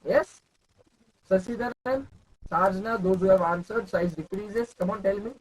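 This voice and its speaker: A young man with an Indian English accent speaks at a moderate pace in a high, husky voice, though the recording is low quality. He's teaching chemistry in a live online session, calling on students by name and restating his questions.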